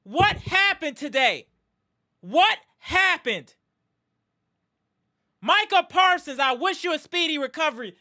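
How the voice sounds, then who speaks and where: A woman's voice: sits high, sing-song, slow pace, pauses often, bright, forceful tone. A woman hosting a live sports reaction stream, ranting in anger and frustration with repeated outbursts. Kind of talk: live fan reaction rant.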